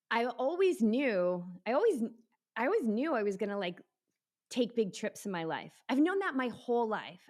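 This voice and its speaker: Speaking as a guest in an interview, a middle-aged yoga teacher and triathlete talks in a relaxed way with a mid-range voice. She gets animated and performs the voices of people she quotes.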